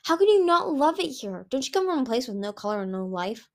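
A woman's voice: sits high, very animated, fast talker, voice pushed up. A woman voicing a bubbly, cheerful young female rainforest dragon who speaks eagerly. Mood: incredulous.

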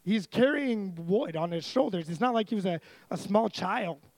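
A man with a high voice gives a relaxed, chatty sermon. He retells a Bible story with jokes and acts out the voices. The sound is close and dry, with no room around it. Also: moderate pace, no echo, low-quality recording. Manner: casual, joking storyteller who acts out voices. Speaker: preacher.

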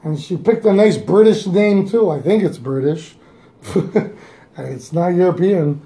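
A man's voice: high-pitched, a little slow, warm tone, echoey room. A young man co-hosting a podcast, telling a story in a laid-back casual way and chuckling often. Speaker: podcast co-host. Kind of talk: casual chat.

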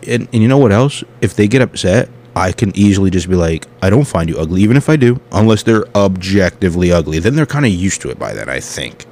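A man's voice: low-pitched, a little mellow. A man hosting a comedy podcast, rambling through a crude, self-mocking monologue full of tangents. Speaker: podcast host.

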